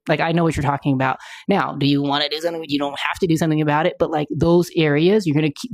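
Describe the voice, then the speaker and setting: A woman's voice: deep voice, gravelly, darkish tone, dry recording. A young woman, an aesthetic nurse practitioner, answering questions in a chatty, emphatic live Q&A full of "like". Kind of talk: casual live Q&A.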